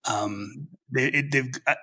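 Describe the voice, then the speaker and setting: A man's voice: mid-range voice, slow, sharp tone. A man, a novelist, talking earnestly and passionately in a casual interview, thinking aloud as he goes. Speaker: novelist guest.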